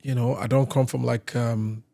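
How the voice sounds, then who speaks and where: A man from Nigeria, a singer on a podcast, telling casual stories in a lively way and acting out other people's lines. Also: medium pitch, moderate pace, creaky. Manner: lively anecdote teller who acts out other people's lines. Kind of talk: casual storytelling chat.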